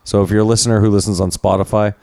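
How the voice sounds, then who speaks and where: Low-voiced man on casual podcast chat. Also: little pitch movement, rapid-fire, gravelly, a little mellow, no room sound, clean studio sound. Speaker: podcast co-host.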